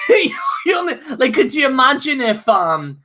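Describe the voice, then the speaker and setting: A man's voice: very high voice, very animated, measured pace, sharp tone. A man co-hosting a podcast, ranting with fiery, profane outbursts broken up by laughter. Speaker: co-host. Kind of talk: heated podcast rant.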